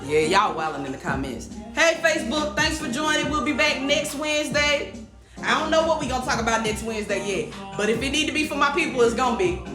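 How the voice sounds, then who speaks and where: A woman's voice: sits high, animated, brisk, over music. A woman hosting a weekly livestream, giving an encouraging message in a casual, emphatic way, repeating her phrases and chatting back to viewers' comments. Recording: echoey room.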